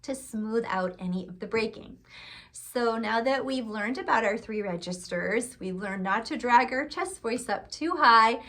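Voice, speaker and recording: A woman's voice: a little high, measured pace, fairly bright tone. A woman teaching singing, explaining and encouraging between sung vowel demonstrations. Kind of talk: vocal lesson with sung demonstrations.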